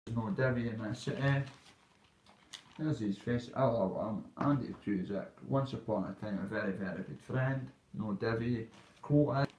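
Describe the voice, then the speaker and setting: A man's voice: lowish voice, moderate pace, a little mellow, a little hiss or hum. Rambling Dundee Scottish man, roomy sound. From Scotland. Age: 30s. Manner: rambling, blunt, heavy local slang. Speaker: vlogger. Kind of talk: casual monologue. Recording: roomy and off-mic.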